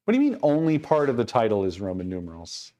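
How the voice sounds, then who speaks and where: Male streamer, casual chat, lively pitch swings, exasperated mock-rants. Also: fast, lo-fi sound.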